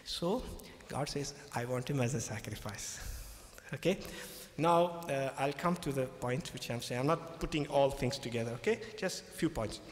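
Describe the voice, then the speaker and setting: A man's voice: medium pitch, moderate pace, a little hiss or hum. A man, a pastor in a public debate, retelling a scripture story emphatically, repeating key phrases and checking in with the audience. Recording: echoey hall with long reverb.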